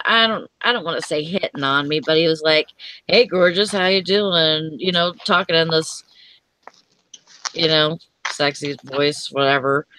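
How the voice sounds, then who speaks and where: A woman's voice: sits low, sharp tone, smooth, low-quality recording. A woman co-hosting a live online show in casual chat, telling stories and acting out the dialogue. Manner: chatty storyteller, acts out quoted dialogue. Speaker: co-host of a live reseller show.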